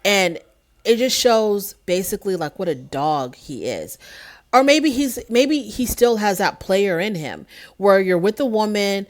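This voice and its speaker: A woman hosting her own channel, recapping a reality show episode in casual, animated commentary with an indignant edge. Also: medium pitch, measured pace. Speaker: show reviewer, host.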